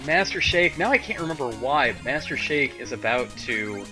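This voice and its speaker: A man's voice: mid-range voice, expressive, normal speed, over music, poor audio. A man hosting a casual gaming stream, chatting and laughing. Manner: chatty, laughing, quoting lines in voices. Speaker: stream host.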